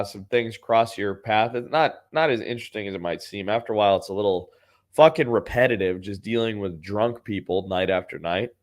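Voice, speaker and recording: A man hosting a podcast, telling a story in a casual, sardonic and profane way. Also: lowish voice. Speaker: podcast host.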